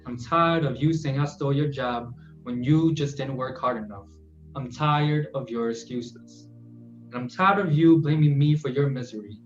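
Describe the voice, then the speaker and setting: A man reciting spoken word poetry in an earnest, measured way. His delivery stays steady and sincere. The recording sounds roomy and a bit dull. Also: mid-range voice, soft background music. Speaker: guest poet. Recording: roomy, muffled podcast audio.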